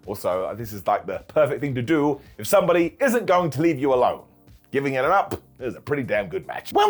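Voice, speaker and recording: A man casually recapping a wrestling show as reviewer, animated and jokey, laughing often. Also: medium pitch. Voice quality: bald-joke running gimmick host.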